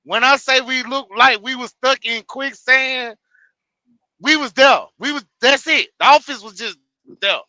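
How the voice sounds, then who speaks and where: A man with a high-pitched, strikingly bright voice co-hosts a casual sports reaction chat. He recounts plays in animated, slangy talk. The mic is close and dry. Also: unhurried, dry recording.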